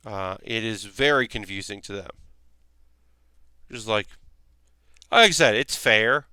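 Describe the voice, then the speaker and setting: Casting: male streamer, casual rambling chat, crisp voice, dry close sound. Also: lowish voice, slow, pauses often, pushed and bright, no room sound. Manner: rambling, acts out quoted people in raised voices. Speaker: streamer host.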